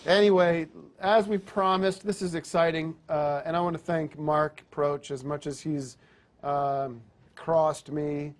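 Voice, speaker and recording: A man's voice: on the high side, steady tone, measured pace. A man hosting a comedic film show, bossy and impatient, who swears when giving direction. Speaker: host.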